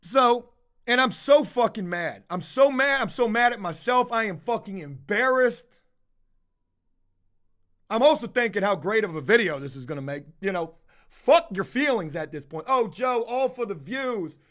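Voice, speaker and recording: A man telling a story to his viewers in a loud, belligerent rant full of swearing. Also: sits high, expressive, moderate pace. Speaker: video host. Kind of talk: profane ranting storytime.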